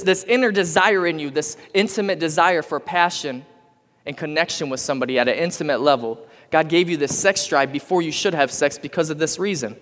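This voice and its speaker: Energetic male youth pastor, fairly high voice, preaching in a reverberant hall. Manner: energetic preaching, urging the audience to respond. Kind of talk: youth sermon.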